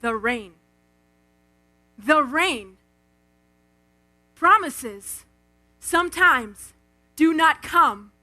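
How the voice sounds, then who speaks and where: A woman giving a lively devotional talk from an outdoor event stage, acting out quotes and calling on the crowd on a stage microphone. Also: high voice. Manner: animated, acts out quotes, calls on the crowd. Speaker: speaker at a live Christian event. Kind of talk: energetic devotional talk with storytelling.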